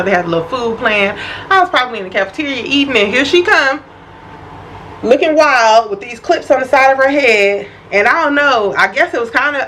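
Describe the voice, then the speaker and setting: A young woman vlogger telling a personal story in an animated, expressive, casual way. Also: fairly high pitch, a little hiss or hum, rough recording. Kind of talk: storytime vlog.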